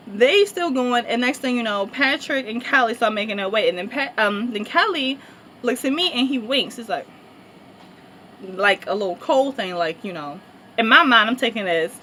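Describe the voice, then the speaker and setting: A woman's voice: mid-range voice, expressive, a little fast, fairly bright tone, a little hiss or hum. A young woman vlogger telling a rambling, casual story, with lots of fillers and laughter.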